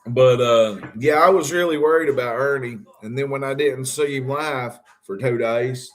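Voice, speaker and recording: A man's voice: mid-range voice, moderate pace. A man rambling on a livestream, calling out to his viewers and joking. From Harlan County, Kentucky. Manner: rambling, addresses viewers directly, jokey. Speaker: livestream host. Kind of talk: rambling livestream talk to chat.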